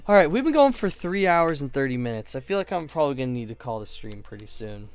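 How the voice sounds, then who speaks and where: A man's voice: medium pitch, sing-song, fast. A man live streaming while building models, chatting casually in a playful, joking and often profane way.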